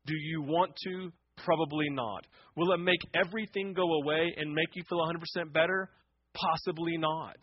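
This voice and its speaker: A man preaching a sermon, telling stories that swing from hushed to impassioned, often repeating words and asking "right?". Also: a little high, fairly even intonation, normal speed, breathy edge, no room sound, muffled recording. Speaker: pastor.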